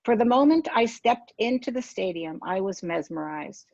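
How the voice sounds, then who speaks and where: A woman in her sixties reads from her own memoir at a calm, even pace and stops to fix the odd misread word. The sound is dry and close, with a slightly dull, lo-fi tone. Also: mid-range voice, gravelly, no room sound. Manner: measured, unhurried reading with small self-corrections. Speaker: author.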